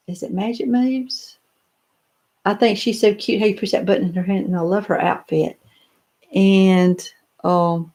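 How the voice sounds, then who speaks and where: This older woman has a medium-pitched, darkish voice and is casually live streaming from a home office lined with doll showcases. She responds to comments from viewers, rambling a little with frequent fillers and restarts.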